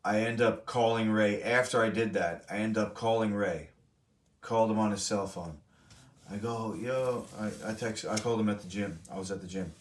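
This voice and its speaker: A young man with a fairly low voice hosts a live stream and tells a long story to his chat. He rambles, swears freely and keeps correcting himself mid-sentence. He sits back from the mic in a roomy, echoing space. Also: normal speed, far from the mic. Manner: rambling, profane, self-correcting. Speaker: streamer host.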